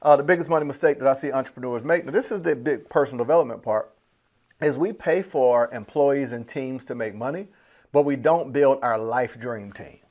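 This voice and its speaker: Animated slangy man hosting a podcast. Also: mid-range voice, a little fast. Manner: animated, slangy, laughs often, acts out whispered asides. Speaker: podcast host. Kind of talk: casual motivational podcast talk.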